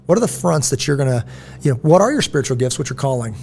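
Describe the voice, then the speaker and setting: A man's voice: medium pitch, very fast, creaky, a little hiss or hum. A middle-aged man hosting a casual podcast conversation, telling stories and acting out quoted voices. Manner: storytelling, animated, acts out quotes. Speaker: podcast host.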